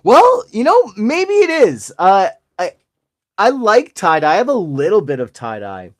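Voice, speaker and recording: Animated, jokey Canadian man in his forties. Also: high voice, a little slow. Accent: Albertan Canadian. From Alberta, Canada. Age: 40s. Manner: jokey, chatty, addresses viewers. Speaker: card-opening channel host. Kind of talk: casual chat while opening packs.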